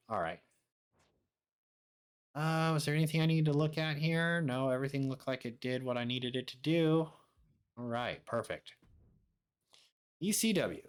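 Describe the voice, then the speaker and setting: A man giving quick, offhand commentary as he plays a wrestling management game. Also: medium pitch. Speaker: gaming streamer.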